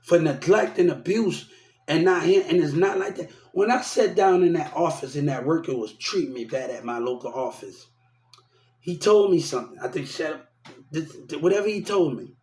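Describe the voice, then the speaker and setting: In a heated personal rant, a man complains about how he was mistreated, repeating himself and quoting what others said to him in an aggrieved tone. His fairly high voice is expressive, a little mellow and moderately paced. The room is echoey.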